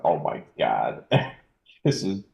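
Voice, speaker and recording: Very deep slow-talking player. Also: wildly swooping pitch, creaky, a little mellow, roomy sound. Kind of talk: casual tabletop game chat.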